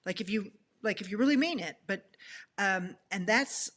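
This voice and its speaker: A middle-aged woman telling her love story in an animated, expressive way, acting out what she thought at the time. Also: mid-range voice, normal speed. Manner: expressive, laughing, acts out her own past thoughts.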